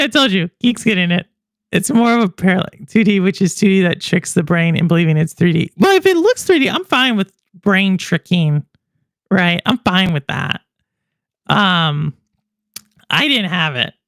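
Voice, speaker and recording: Casual gaming host, chatty and rambling, pitch that jumps around, dry close sound. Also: fairly bright tone, no room sound. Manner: chatty and rambling, many fillers and asides to chat viewers. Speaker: podcast and livestream host. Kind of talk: casual chat reacting to gaming news and live chat.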